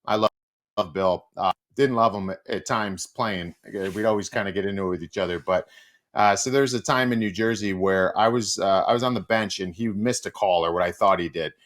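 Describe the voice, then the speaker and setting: Animated storytelling man, hockey analyst. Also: brisk. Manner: animated, acts out quotes with big pitch jumps. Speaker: guest, hockey analyst and former player. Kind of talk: casual interview storytelling.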